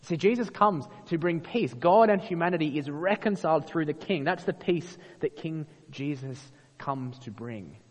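Casting note: male preacher, expressive, rhetorical questions, long church-hall reverb. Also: on the high side, moderate pace, few pauses. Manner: expressive, rhetorical questions, acts out quoted voices. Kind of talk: sermon.

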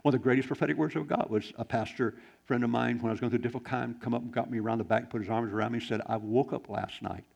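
Male pastor, gravelly tone, swings from loud bursts to near-whispers, sermon delivery. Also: medium pitch, racing, few pauses, dull audio. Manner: animated preaching, swings from loud exclamations to hushed quiet.

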